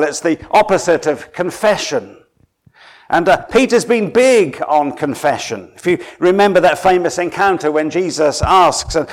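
A man from Suffolk in England, preaching a sermon in a dramatic storytelling way that drops to a hush and then rises for emphasis. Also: fairly high pitch, animated, unhurried.

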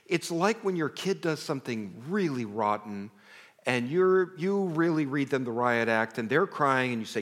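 A man preaching a sermon to a congregation in a conversational, animated way, breaking off mid-sentence and sometimes dropping his voice very low. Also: normal speed. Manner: animated, conversational, self-interrupting, drops to near whisper. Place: church sanctuary. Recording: long hall reverb.

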